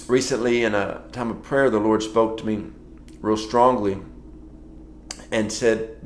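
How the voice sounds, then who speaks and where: A man's voice: fairly low pitch, steady tone, a little slow, long pauses, roomy sound, slight background noise. A man giving a casual morning devotional as a pastor, telling stories and acting out quoted dialogue in a conversational way.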